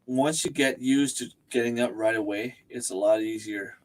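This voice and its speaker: A man's voice: medium pitch, normal speed. A man hosting a casual livestream from home on a desk microphone. He talks easily, laughs often and answers viewers by name. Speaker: livestream host. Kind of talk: casual chat. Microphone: desk microphone and webcam.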